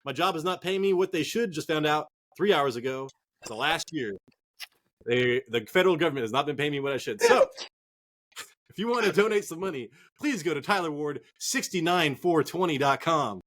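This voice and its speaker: A man's voice: on the high side, expressive, normal speed, a bit bright. A man co-hosting a fantasy football show from a cold garage, rambling and joking with plenty of swearing. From Northern California. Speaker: podcast co-host. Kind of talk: casual profane sports chat.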